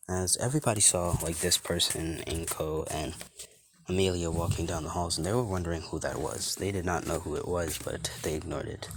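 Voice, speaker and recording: A man's voice: sits low, fairly bright tone, a little hiss or hum. A young man improvising a fan story, narrating casually in long rambling run-on clauses with fillers.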